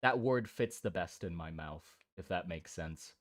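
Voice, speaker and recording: A man's voice: sits low, lively intonation, measured pace. A young man from Germany and Thailand chatting casually on a live stream, rambling with many restarts and casual swearing. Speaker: streamer drawing miniatures.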